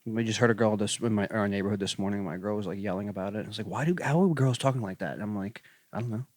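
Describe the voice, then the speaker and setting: Fast-talking man rambling as a guest. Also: fairly low pitch, darkish tone, no room sound, studio quality. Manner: rambling, lots of filler "like". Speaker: podcast guest. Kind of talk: casual chat.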